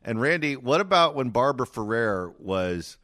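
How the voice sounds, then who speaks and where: Animated sarcastic male radio host. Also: medium pitch, moderate pace, no room sound, studio quality. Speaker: radio talk show host. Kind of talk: talk radio banter.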